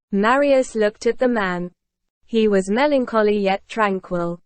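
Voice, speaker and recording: A woman reading a classic novel aloud in steady, even scripted narration. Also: mid-range voice, a little slow, no room sound. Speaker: audiobook reader.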